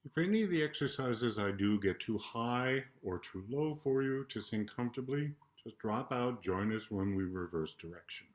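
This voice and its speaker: An older man, a choral conductor, calmly and patiently talking singers through a vocal warm-up and demonstrating the sounds. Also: mid-range voice, moderate pace, hardly any pauses. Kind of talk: spoken vocal instruction between sung exercises.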